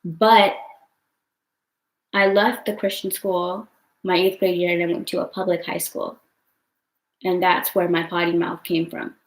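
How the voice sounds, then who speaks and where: A young woman talks through a casual livestream, rambling with lots of fillers and frequent swearing. She sounds upset and close to tears, her pitch staying fairly level. The room around her rings with a noticeable echo. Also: level tone, a little slow, long pauses. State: upset and tearful. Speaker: vlogger answering live chat. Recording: roomy echo.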